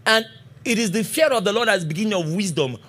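Middle-aged man, pastor preaching, high and very expressive, keeps checking in with the crowd. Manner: preaching with frequent call-and-response checks; reads scripture slowly and deliberately. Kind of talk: sermon.

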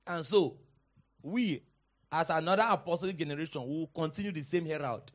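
A high-pitched male preacher delivering a sermon. He drops to quiet, intimate teaching, then bursts into shouted exhortation. He recites scripture in dramatic, old-fashioned wording. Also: brisk. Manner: dramatic archaic scripture quoting. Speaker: pastor.

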